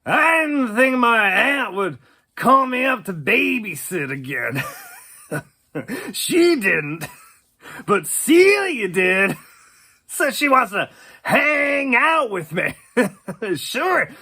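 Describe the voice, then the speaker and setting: Young joker played by a man, high, gravelly voice, slow, laughing, crude storytelling. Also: big pitch swings, pushed and bright, full character voice. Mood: amused. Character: cocky young man, art-scene joker. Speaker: babysitting cousin. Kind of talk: storytelling monologue.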